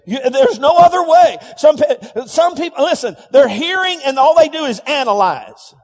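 Man preaching, high voice, call-and-response, long hall reverb. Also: animated, moderate pace, a little mellow. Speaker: pastor. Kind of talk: sermon.

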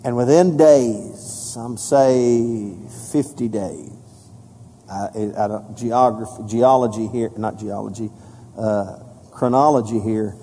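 A man preaching a sermon as pastor, reading scripture with rising emphasis and dropping low and soft for solemn points. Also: a little hiss or hum. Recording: hall reverb.

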